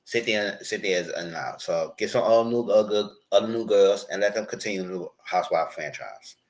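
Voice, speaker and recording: A man in a live chat recapping a reality TV show, talking in an animated, outspoken way with lots of slang. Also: on the low side, a little fast, low-quality recording. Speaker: reality TV commentator.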